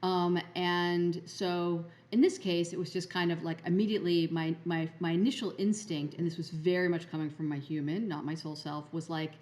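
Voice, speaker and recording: A woman's voice: on the low side, little pitch movement, normal speed, few pauses, a little mellow. A woman hosting a podcast, telling a spiritual story in a rambling way, full of fillers and restarts. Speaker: podcast host.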